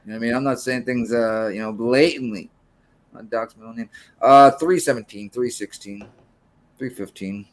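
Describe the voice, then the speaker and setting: A man's voice: medium pitch, fairly even intonation, normal speed. Regular guy calling the fight play by play, mid voice, chill. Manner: calls the action in short bursts. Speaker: podcast co-host. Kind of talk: casual fight commentary.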